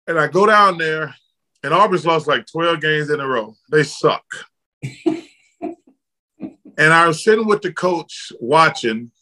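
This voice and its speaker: A middle-aged man with a drawl, his voice sitting a little high for a man and ringing bright and forceful. He tells his stories bluntly and with energy, dropping casual slang like an interview guest who is at ease. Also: lively intonation, a little slow, long pauses, rough recording. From Alabama, United States. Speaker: guest, former basketball player. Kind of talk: candid storytelling in an interview.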